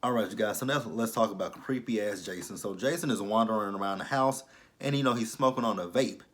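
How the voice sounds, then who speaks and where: Low-voiced male vlogger, casual and blunt. He recaps episodes with swearing and disbelieving asides. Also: fairly quick, fairly bright tone. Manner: blunt, profane, incredulous asides. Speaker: TV episode reviewer.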